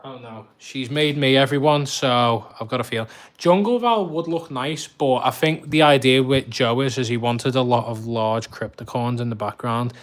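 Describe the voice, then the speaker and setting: A man's voice: medium pitch, moderate pace, hardly any pauses. Chatty Scouse man streaming live. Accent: Liverpool (Scouse). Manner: chatty, laughs often, self-mocking. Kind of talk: casual live-stream chat.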